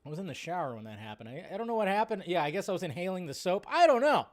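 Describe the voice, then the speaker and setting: A man hosting a live movie news stream, speaking close to a desk mic in a slightly higher-than-usual voice. He rambles casually and loosely with plenty of fillers. He drifts between chatting with viewers and running through the news. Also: lively intonation, racing. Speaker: host of a live film news show.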